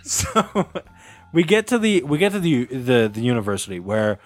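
A man's voice: mid-range voice, sing-song, normal speed, no room sound. A man hosting a casual podcast, telling a long story with laughs and acted-out quotes. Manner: rambling, laughing, acts out quotes. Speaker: podcast host.

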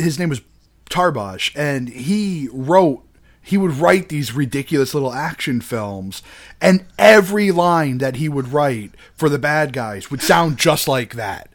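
A man hosts a relaxed movie podcast and chats about a film. He laughs often and stumbles through restarts as he talks. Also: fairly high pitch. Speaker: podcast host. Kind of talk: casual chat about a movie.

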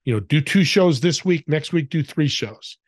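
A man's voice: a little high, lively intonation, normal speed, breathy edge, no room sound, clean studio sound. A man guesting on a podcast, telling stories in an upbeat, motivational way. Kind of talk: casual interview chat.

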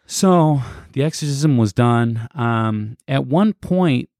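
A man's voice: mid-range voice, animated, slow pace, darkish tone, no echo, studio quality. A man co-hosting a podcast, casually recounting a story with fillers and laughs. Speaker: podcast co-host.

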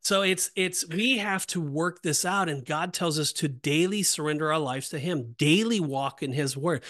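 Emphatic preaching man, fairly high voice. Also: moderate pace, fairly bright tone. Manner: emphatic, repetitive, rising on exhortations. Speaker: podcast host. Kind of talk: preaching Bible teaching.

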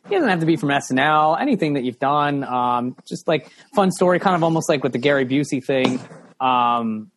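A man co-hosts a podcast and chats casually, enthusiastic and freely swearing. His voice sits a little high for a man. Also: expressive, brisk, slight background noise. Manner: enthusiastic, profane. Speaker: podcast co-host. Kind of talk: casual chat.

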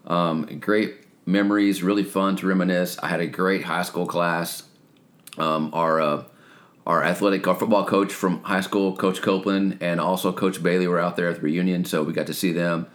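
A man in his late forties co-hosting a podcast. He chats in an easygoing way, and his voice is scratchy from shouting. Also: steady tone, moderate pace. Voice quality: deep, scratchy. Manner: easygoing, laughs often. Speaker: podcast co-host. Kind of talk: casual podcast chat.

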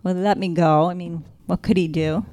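A woman sharing a personal faith testimony, earnest and reflective, slowing down to stress key moments. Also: fairly low pitch, fairly even intonation, dark tone. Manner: earnest, reflective, slows down for emphasis.

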